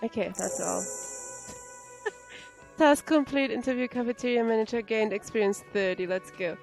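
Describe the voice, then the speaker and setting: A woman's voice: a little high, unhurried, vocal fry, a little mellow, faint music behind. Giggly woman streaming a game. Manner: giggly, playful asides. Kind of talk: live game playthrough commentary.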